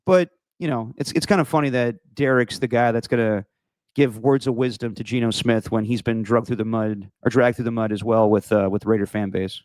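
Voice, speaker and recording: A man's voice: mid-range voice, fairly even intonation, a little fast, a little mellow, no room sound. A man hosting a podcast and chatting casually about football, rambling with frequent restarts. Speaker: podcast host. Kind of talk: casual sports chat.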